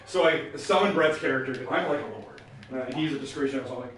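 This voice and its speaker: A man's voice: mid-range voice, a little fast, recorded from a distance, noisy background. A man casually telling a long tabletop game story while playing a video game, acting out the characters he quotes. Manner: animated, acts out quoted characters. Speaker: let's play co-host. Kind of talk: casual storytelling over gameplay. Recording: echoey room, off-mic.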